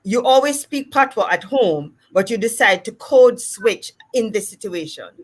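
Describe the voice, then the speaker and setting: A woman from Jamaica with a Jamaican accent, a speech-language pathologist explaining things in a casual, animated way and acting out examples. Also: a little high, measured pace, slightly rough. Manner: animated, acts out examples in different voices.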